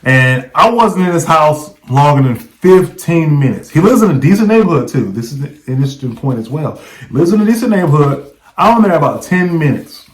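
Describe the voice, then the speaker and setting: A man's voice: a little high, big pitch swings, a little fast, low-quality recording. Casual man telling a story to camera. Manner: conversational, checks in with the viewer by asking "right?". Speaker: vlogger. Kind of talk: casual first-person storytelling.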